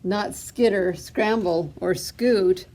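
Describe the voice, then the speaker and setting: A woman librarian reading a picture book aloud at children's storytime, expressive and asking little questions. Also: medium pitch, slow pace.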